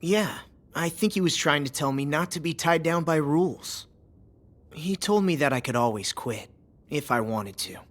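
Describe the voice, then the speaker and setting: A man's voice: a little high, lively intonation, normal speed, fairly bright tone. An actor voicing a stubborn, good-natured teenage boy who is a novice mage in an anime dub, plain-spoken and sincere. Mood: earnest. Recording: studio dub with music behind.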